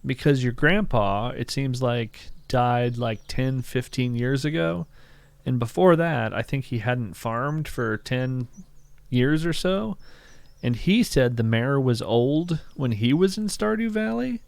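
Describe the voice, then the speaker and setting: A man talks loosely over a game stream, musing with dry humor. His voice has a gravelly, fried edge and a close, dry sound. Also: mid-range voice, expressive, takes it slowly, no echo. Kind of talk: casual game stream chat.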